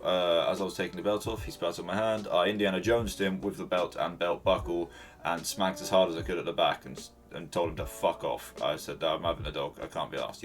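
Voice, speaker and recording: Deep-voiced sweary man. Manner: rambling, sweary, self-interrupting. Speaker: podcast host. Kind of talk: casual storytelling monologue. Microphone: solo recording at home to camera.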